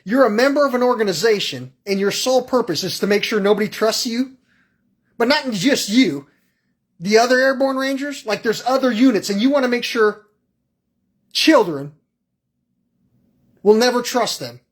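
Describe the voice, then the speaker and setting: A man's voice: very high-pitched, expressive, moderate pace, long pauses. A man calling in to a radio show with a rambling, agitated, profane rant that jumps between thoughts and acts out little exchanges. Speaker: caller.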